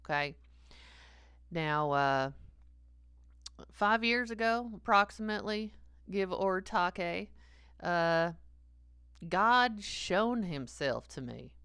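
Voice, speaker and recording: A woman's voice: mid-range voice, animated, slow, long pauses, fairly bright tone, clean tone, dry recording, clean studio sound. A woman playing a sleazy, confessional 48-year-old male pastor who rambles hesitantly, with lots of fillers, and chuckles at himself. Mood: rambling. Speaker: comedic character sermon. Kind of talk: stream-of-consciousness comic sermon.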